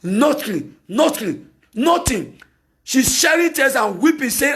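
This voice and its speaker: A man with a Nigerian accent, hosting a talk show and delivering an opinionated monologue, emphatic and repetitive with bursts of shouting. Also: very high-pitched, big pitch swings, slow pace, slight background noise.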